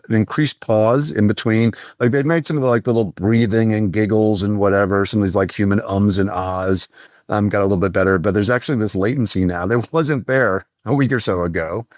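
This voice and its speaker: A man co-hosting a podcast in casual chat, chatty and quick to laugh. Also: fairly low pitch, no echo, studio quality. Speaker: podcast co-host.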